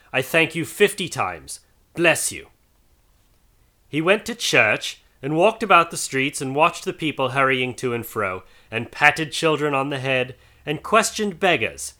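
A man narrating a storybook in an expressive, animated reading. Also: a little high.

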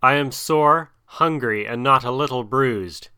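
A bold young jungle boy with a raised, eager voice, as a man reading a storybook takes him on. The sound is bright and crisp in a dry space. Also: medium pitch, measured pace, dry recording. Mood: earnest.

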